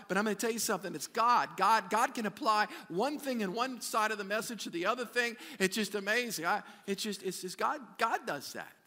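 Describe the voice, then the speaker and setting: A pastor preaches to his church in a high, ringing voice. He keeps the sermon chatty, stumbling over repeated words and turning often to the congregation. The reverb of a large hall trails behind every phrase. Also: bright, forceful tone. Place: church sanctuary.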